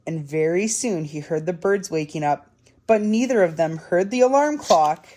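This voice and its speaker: Expressive woman reading a picture book. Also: on the low side, normal speed. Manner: expressive, soft and dramatic. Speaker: library storytime reader.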